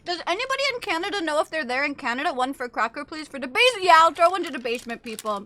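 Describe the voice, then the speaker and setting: A young woman streamer chatting casually with her viewers, excitable and gushing, swearing freely. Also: high voice, fast talker, hardly any pauses. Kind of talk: casual live-stream chat.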